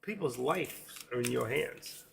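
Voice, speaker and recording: A man's voice: mid-range voice, animated, unhurried, vocal fry, fairly bright tone, slight background noise. A man hosting a casual live stream, rambling and joking as he talks to his viewers by name. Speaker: live stream host and room moderator.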